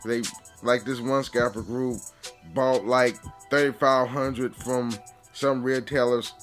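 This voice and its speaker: A man's voice: mid-range voice, steady tone, takes it slowly, a bit bright, faint music behind. A man hosting a casual solo podcast, rambling and laid-back, swearing freely, recorded on a vlogging camera mic at home. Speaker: podcast host. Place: at home, just out of bed.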